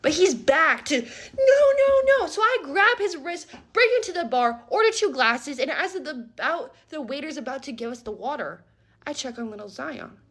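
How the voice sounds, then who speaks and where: A young woman casually retelling a wild dating story in a storytime vlog, animated and dramatic, often asking "okay?". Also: high voice, normal speed.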